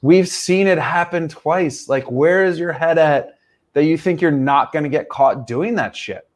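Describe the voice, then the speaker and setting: Host americano, conversa casual de futebol, tom direto e palavrões. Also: male voice, fairly high pitch, a little slow. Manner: blunt, swears freely, talks back to chat. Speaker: fan show host. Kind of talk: casual football chat.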